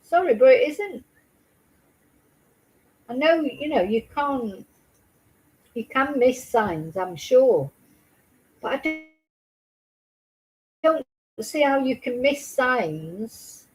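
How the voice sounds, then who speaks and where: A woman's voice: high-pitched, expressive, slow, long pauses, rough recording. A woman vlogging her reaction to a news clip, emotional and angry, swearing in outbursts. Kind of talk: casual commentary.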